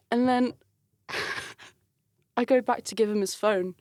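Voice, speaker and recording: A woman's voice: on the high side, takes it slowly, no echo, studio quality. A woman in casual conversation, telling a work story with lots of laughter and acted-out quotes. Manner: animated, laughs often, acts out quoted voices.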